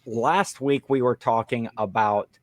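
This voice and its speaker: A man's voice: medium pitch, unhurried, dry recording. A man co-hosting a podcast, chatting in an easygoing way and explaining things plainly. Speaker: podcast co-host. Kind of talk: casual chat.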